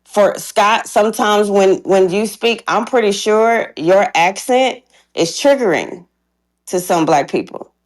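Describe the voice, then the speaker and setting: A woman's voice: mid-range voice, unhurried. A woman co-hosting a podcast, teasing her friends and firmly correcting them in casual banter. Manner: teasing and questioning, firm on her point. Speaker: podcast co-host. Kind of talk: casual debate chat.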